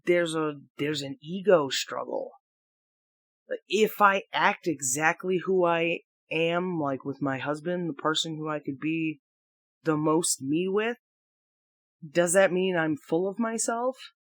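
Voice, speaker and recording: A man rambling through a reflective solo audio blog into a microphone, halting and questioning himself as he goes, swearing freely. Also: fairly high pitch, a bit bright, dry recording. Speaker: audio blogger. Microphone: talking into a microphone.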